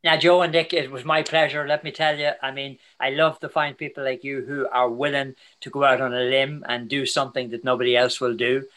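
Older Irish male guest, bright, chatty storyteller, anecdotes. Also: medium pitch. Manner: chatty storyteller, animated, quick asides. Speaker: guest soccer commentator. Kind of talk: casual interview chat.

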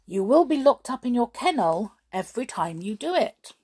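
A woman's voice: a little high, very animated, normal speed, darkish tone, slightly rough. A woman voicing a stern man scolding his dog.

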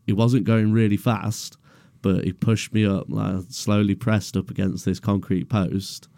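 Deep, gravelly man telling a story. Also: little pitch movement, unhurried, warm tone, no echo, studio quality. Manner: laid-back, sweary, laughs through story. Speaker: podcast co-host. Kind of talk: casual storytelling chat. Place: garage.

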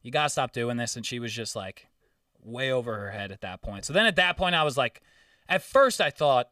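A man's voice: mid-range voice, a little fast, dry recording, clean studio sound, distant mic. A man telling a story in casual chat, swearing freely and acting out the quotes. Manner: profane, animated storytelling with acted-out quotes.

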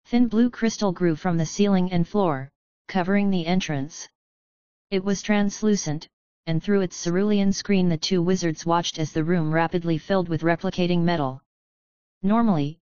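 A woman narrating an audiobook in a steady, even reading manner. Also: lowish voice, clear, resonant tone, no echo, highs cut off.

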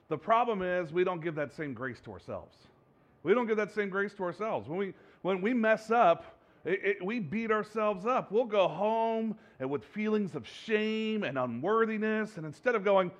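A pastor with a fairly high voice delivers a sermon fairly quickly in a relaxed, conversational way, rambling with frequent restarts and fillers. He pokes fun at himself and jokes with the congregation. The recording sounds dull and slightly muffled.

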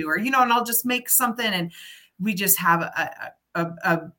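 A middle-aged woman in casual chat, telling an animated story and acting out the people she quotes. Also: mid-range voice, normal speed.

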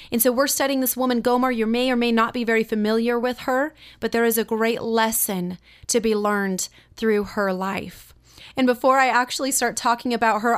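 Animated woman telling a sermon story. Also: a little high. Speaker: Bible teacher.

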